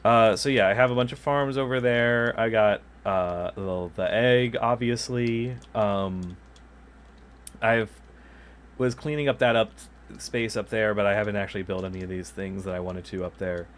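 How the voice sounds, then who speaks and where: A man with a slightly low voice chats casually while he streams a game. He rambles and often stops to correct himself, joking as he goes. His microphone sits a little way from his mouth. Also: steady tone, normal speed. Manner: rambling, self-correcting, playful. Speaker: gaming channel host. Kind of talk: casual chat while live streaming gameplay. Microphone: microphone kept far from the mouth.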